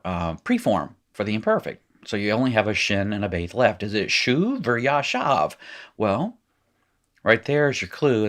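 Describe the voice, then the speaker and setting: A deep-voiced man talks through exercises at a desk mic. His teaching rambles: he restarts sentences, backtracks, and drops dry, self-mocking asides along the way. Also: a bit bright. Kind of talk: recorded language lesson.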